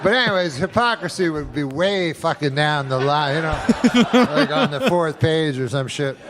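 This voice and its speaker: A man performing a stand-up routine on a comedy club stage, rambling slowly and swearing crudely. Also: on the high side, animated, a crowd in the background. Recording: noisy live club recording.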